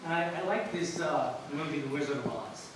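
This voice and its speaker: Halting man telling stories in an echoey hall. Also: fairly high pitch. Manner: rambling, halting, laughing through stories. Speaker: eulogist, former jockey. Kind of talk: anecdotal memorial speech. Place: memorial service venue. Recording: echoey hall, mic from far off, noisy.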